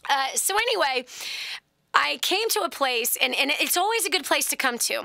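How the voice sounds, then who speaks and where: A woman's voice: sits high, sing-song, moderate pace, creaky, sharp tone, no room sound, studio quality. A woman hosting a radio call-in advice show, telling stories with animation, laughing often and acting out voices. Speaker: host.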